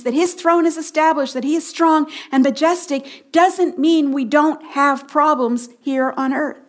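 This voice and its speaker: Earnest woman teaching the Bible. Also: high voice. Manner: earnest and emphatic, repeats key phrases, drops to a soft hush for stress. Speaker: Bible teacher and broadcast host.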